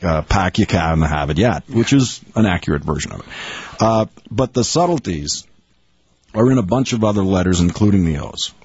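A man's voice: low voice, darkish tone, husky. A man from Boston, a guest on a radio show, telling stories animatedly and laughing mid-sentence. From Boston, USA. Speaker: guest, TV producer. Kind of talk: casual radio chat. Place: radio studio. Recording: dull radio broadcast sound.

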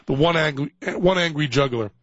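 A man's voice: fairly high pitch, fairly quick, a bit bright, no echo, dull audio. A man hosting a radio show in casual banter, rambling and joking with big exaggerations. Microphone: studio microphone.

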